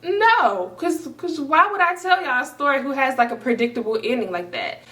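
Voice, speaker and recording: A young woman vlogger telling a story in an animated, emphatic, profane way. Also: sits high, fairly quick, far from the mic. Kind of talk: storytime vlog.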